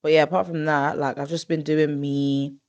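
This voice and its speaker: A woman in her twenties hosting a podcast in casual chat. She talks in an expressive, rambling way, with drawn-out groans of disgust. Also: low-pitched, dull audio. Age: 20s. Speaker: podcast host.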